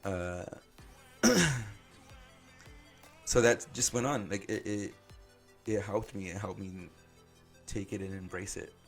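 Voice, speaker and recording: Man, deep voice, podcast host, casual personal storytelling, faint music underneath. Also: slow pace, pauses often. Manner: loose conversational, heavy use of "like".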